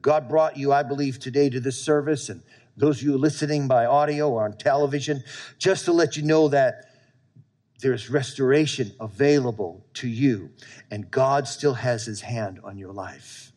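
A man's voice: mid-range voice, normal speed, a little mellow. A man preaching a sermon to his church, emphatic and repetitive, often asking the congregation for an amen. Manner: emphatic preaching, repeating lines and calling for amens. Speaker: pastor.

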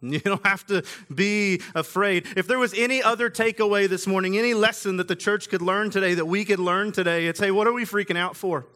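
A man's voice: high-pitched, brisk, hardly any pauses, pushed and bright. A man preaching a sermon in a casual, conversational way, with everyday slang. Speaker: pastor.

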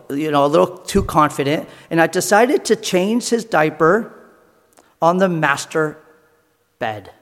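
A man gives an earnest sermon, telling personal stories in short phrases with pauses between them. His voice sits slightly higher than usual for a man. It rings out with long reverb in a large hall. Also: a bit bright. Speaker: preacher. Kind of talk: sermon testimony.

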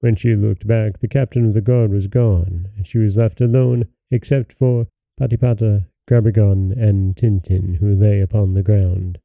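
A man hosting and narrating a folktale in a slow, measured storybook reading. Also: fairly low pitch, fairly even intonation, gravelly, no room sound, narrow, tinny audio. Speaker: host and narrator.

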